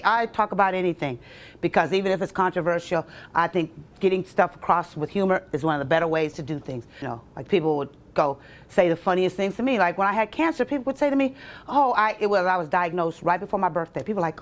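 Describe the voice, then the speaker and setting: A woman comedian performing a stand-up set at a college event, talking straight to the crowd and switching into quoted voices. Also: fast. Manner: animated, jumps into quoted voices with sharp pitch leaps; banters directly with audience members. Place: college event stage before a live audience.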